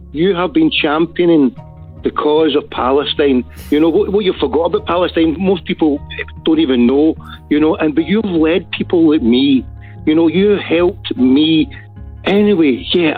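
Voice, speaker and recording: A man's voice: a little high, slightly rough. A man from Glasgow with a Scottish accent, calling in to a talk show and speaking fervently, like a preacher making urgent appeals. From Glasgow, Scotland. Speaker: caller. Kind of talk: phoned-in call to a talk show. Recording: tinny phone line.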